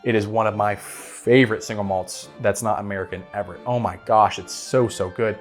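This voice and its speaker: Man, low voice, drawl, relaxed whiskey vlog chat, faint guitar music behind. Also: normal speed. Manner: relaxed, repeats words, says "right?" often. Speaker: whiskey reviewer and channel host. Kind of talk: casual recommendations to camera.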